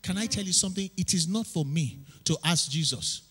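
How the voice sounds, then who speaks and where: A woman pastor with a Nigerian accent preaching a sermon, emphatic and often shouting in a chanting preacher's cadence. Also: on the low side, brisk, breathy edge. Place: church hall. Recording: long hall reverb with faint music.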